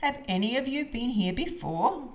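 A woman's voice: a little high, big pitch swings, normal speed, voice pushed up. A woman reading a storybook aloud, voicing a cheerful female rabbit who guides the children around like a tour guide. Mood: welcoming. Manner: announcing, bright tour-guide tone.

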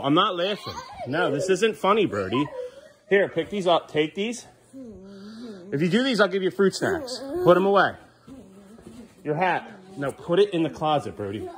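A father filming a home vlog, firmly repeating short commands to his child as he tidies up indoors. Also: a little high. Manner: firm, repetitive commands to a child. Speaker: father and vlogger.

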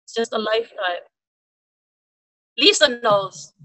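Bright, easygoing woman on a video call. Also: fairly high pitch, lively intonation, slow pace, no echo, poor audio. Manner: easygoing, colloquial. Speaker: former player. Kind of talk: casual reminiscing on a video call.

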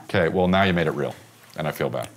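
A man's voice: very deep voice, fast talker, a little hiss or hum. A middle-aged man trading casual comic banter, teasing and needling his partner in a playful way. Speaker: comedian co-host.

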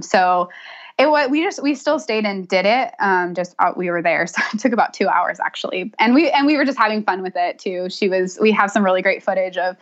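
A woman's voice: mid-range voice, animated, moderate pace, highs cut off. A young woman telling her birth story as a podcast guest, chatty and laughing often. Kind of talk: casual interview storytelling.

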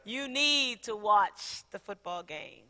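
A middle-aged woman pastor preaching a sermon, animated, laughing often and acting out quotes. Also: medium pitch, slow pace. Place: large church hall. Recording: long church hall reverb.

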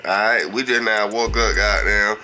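Brief: young man, relaxed slangy home vlogger, lower pitch with a bright edge. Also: normal speed, poor audio. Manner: laid-back slangy talk, chats to baby. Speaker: vlogger and new father. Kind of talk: casual home vlog.

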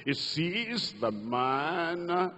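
A man's voice: a little high, very animated, extremely slow, pushed and bright. An older man with a Nigerian accent preaching a sermon, leading the congregation in call-and-response and sing-song declarations. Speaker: pastor. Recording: lo-fi hall recording.

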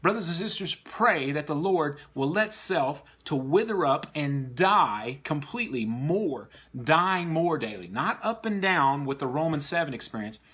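Lively, husky-voiced male preacher. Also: on the high side, a little slow, hardly any pauses. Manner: earnest exhortation addressed to the congregation. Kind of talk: sermon.

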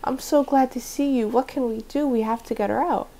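Figure: eager young girl , read by a woman. Texture: gravelly. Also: high voice, steady tone, brisk, mellow, pitched above the performer's own voice. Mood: relieved. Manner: breathless and eager.

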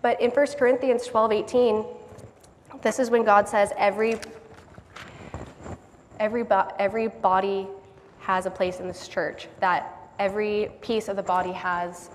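A woman giving a sermon in a church hall, earnest and quick to laugh at herself. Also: mid-range voice, flat delivery, slight background noise. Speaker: lay speaker giving a church message. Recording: long hall reverb, faint background ambience.

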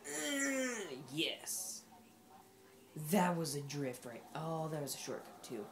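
Low, slow-talking sarcastic woman gamer. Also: a little hiss or hum. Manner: sarcastic, talks back to the game. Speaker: gameplay commentator. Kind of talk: casual gameplay commentary.

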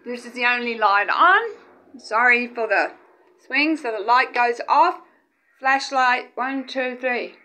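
A woman investigating paranormal activity, talking softly to spirits in a hushed, breathless way. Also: on the high side, slow. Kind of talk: ghost-hunting vlog narration.

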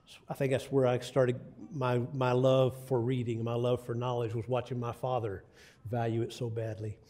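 A man's voice: mid-range voice, flat delivery, moderate pace, warm tone. An older man preaching a sermon, telling folksy stories with asides to the congregation. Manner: folksy storytelling with asides to the audience.

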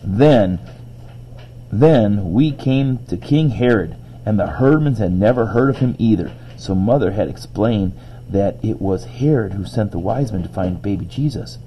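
A man's voice: lowish voice, lively intonation, a little slow, mellow, a little hiss or hum, rough recording. A male teacher reading a book aloud to students, breaking in with chatty asides.

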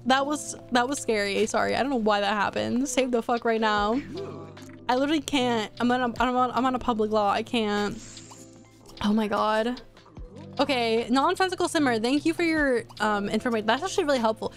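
Female streamer, high-ish voice, excitable and sweary casual game commentary over faint music. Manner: excitable, swears, quick exclamations.

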